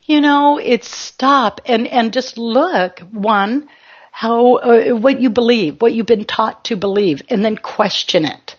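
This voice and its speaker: A woman's voice: a little high, slow, husky, highs cut off. A woman spiritual teacher giving an emphatic motivational talk in short, exhorting commands.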